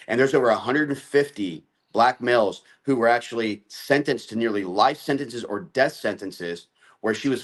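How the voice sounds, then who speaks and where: A man speaking as a guest on a political talk show, listing his points in long assertive runs. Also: on the low side.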